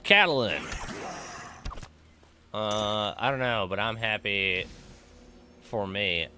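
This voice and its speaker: A man streaming a game, chatting casually and telling stories in an animated, ranting way, swearing freely. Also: on the low side, takes it slowly, background noise. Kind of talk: casual live-stream chat while gaming.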